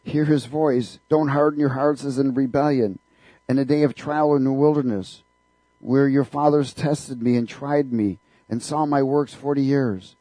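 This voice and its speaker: A man delivers a fervent sermon in a church, throwing questions out to the congregation for them to answer back. His voice is mellow and warm. The recording is dry and close. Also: mid-range voice, steady tone, moderate pace, no room sound, rough recording. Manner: fervent, call-and-response preaching. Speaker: preacher.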